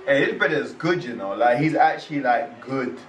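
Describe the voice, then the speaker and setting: A young man hosting a casual reaction video, excitable and exclaiming in slang, recorded in a roomy space away from the mic. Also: medium pitch, moderate pace. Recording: roomy echo, distant from mic.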